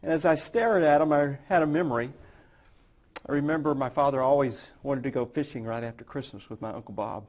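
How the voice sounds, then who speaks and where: A middle-aged man, a guest on a television interview, tells a heartfelt personal story, halting now and then with restarts and fillers. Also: medium pitch, darkish tone. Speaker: guest, author and speaker. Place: television studio.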